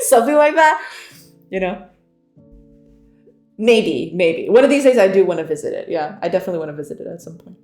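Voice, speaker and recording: A woman's voice: fairly low pitch, animated, fairly quick, pauses often, mellow. A woman, a game developer streamer, chatting casually with viewers, giggling often and reading chat aloud. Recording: roomy echo with faint background music.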